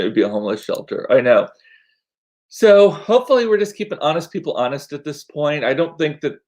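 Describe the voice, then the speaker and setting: A man, chatting casually and rambling in a home vlog, chatty and self-deprecating. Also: mid-range voice. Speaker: vlogger. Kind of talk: casual chat.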